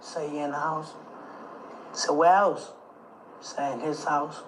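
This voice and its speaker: A man's voice: a little high, steady tone, moderate pace, a little hiss or hum, rough recording. A man as an interview guest, telling a story in casual talk, repeating dates and acting out what each person said. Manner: emphatic, repeats dates and phrases, acts out quoted dialogue.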